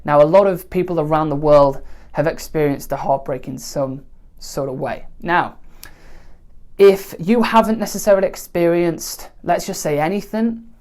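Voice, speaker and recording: Speaking to camera in a low voice, a woman gives a relaxed, conversational songwriting lesson, frequently pausing to check in with the listener.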